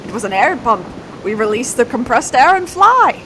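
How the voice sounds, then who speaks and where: A woman voicing a gruff middle-aged male ship captain with rough, boastful sailor talk. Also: fairly high pitch, sing-song, normal speed, pushed and bright, slight background noise.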